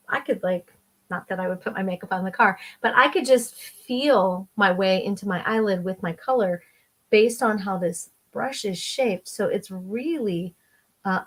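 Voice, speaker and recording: Middle aged lady chatting thru her makeup routine, bubbly and casual. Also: mid-range voice. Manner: chatty, enthusiastic, talks while applying makeup. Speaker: makeup vlogger.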